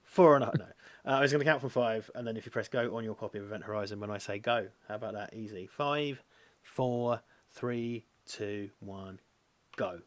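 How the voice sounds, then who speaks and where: A man's voice: fairly low pitch, fairly quick, dry recording. A man co-hosting a livestream watch party in casual chat, joking and playful and often tripping over his words. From Britain. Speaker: co-host reading viewer messages.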